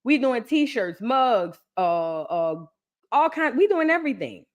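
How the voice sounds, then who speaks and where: A young woman chatting excitedly with her viewers on a live stream, repeating phrases for emphasis. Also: on the high side, slow. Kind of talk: casual live-stream chat.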